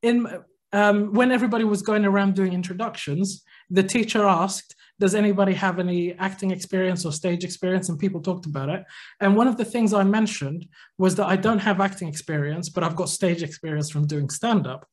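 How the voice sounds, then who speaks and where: A man's voice: high-pitched, brisk. A man co-hosting a podcast, casually telling a long anecdote and acting out what people said. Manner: animated anecdotal storytelling, acts out quotes. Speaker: podcast co-host. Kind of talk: casual storytelling chat.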